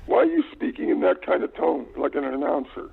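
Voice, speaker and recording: A man calling in by phone, trading deadpan teasing banter with a broadcast team. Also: fairly high pitch, fairly quick, gravelly, a crowd in the background. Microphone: telephone. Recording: tinny phone line.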